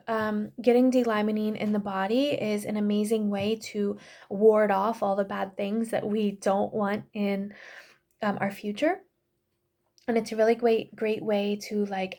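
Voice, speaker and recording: Chatty woman with a gravelly edge. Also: mid-range voice, darkish tone. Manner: chatty, many fillers and self-corrections. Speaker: yoga and essential oils class teacher. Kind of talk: casual online class talk.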